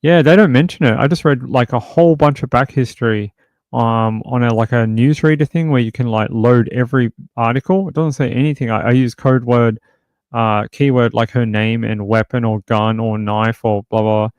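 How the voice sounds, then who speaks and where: A man's voice: medium pitch, fairly even intonation, moderate pace, a little mellow, clear, resonant tone, dry recording. A man hosting a true crime livestream from home, chatting casually in a loose, rambling way full of fillers.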